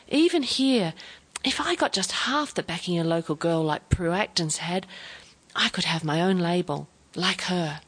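A woman's voice: on the low side, slightly rough. A woman voicing an ambitious young English wife who talks eagerly and then defiantly. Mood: wistful.

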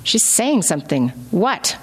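A woman's voice: medium pitch, big pitch swings, measured pace, slightly rough, in a large hall, pitched above the performer's own voice. A woman reading the lines of a cold, domineering man who talks down to others. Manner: curt, commanding, contemptuous.

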